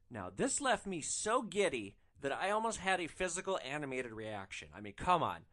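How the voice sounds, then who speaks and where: Animated man telling a wild story. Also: on the high side, normal speed, hardly any pauses. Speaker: podcast host, rideshare driver. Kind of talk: storytelling monologue.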